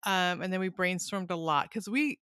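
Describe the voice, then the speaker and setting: Middle-aged woman, podcast host, chatty, laughs a lot, bright tone, close dry sound. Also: fairly low pitch, moderate pace, smooth, no echo. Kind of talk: casual chat.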